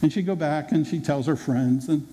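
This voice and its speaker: A male pastor preaching a sermon in a conversational, animated way, acting out quotes, recorded in a reverberant hall. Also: on the high side, normal speed. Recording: reverberant hall with faint noise.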